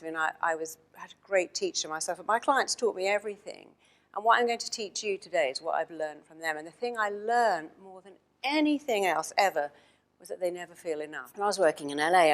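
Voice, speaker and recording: A woman giving a motivational talk, telling stories and acting out the people in them. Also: lowish voice. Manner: storytelling, acts out quoted voices. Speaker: speaker.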